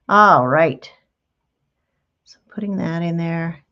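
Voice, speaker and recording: A woman's voice: on the low side, measured pace, vocal fry, darkish tone, muffled recording. A woman hosting a craft tutorial, talking patiently and chattily through each step while she works with her hands. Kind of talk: relaxed step-by-step craft demonstration.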